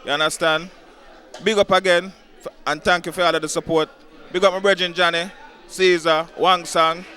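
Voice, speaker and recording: A man's voice: high-pitched, little pitch movement, moderate pace, a faint crowd. A man with a Jamaican accent thanking everyone for their support. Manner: thankful, shouting out.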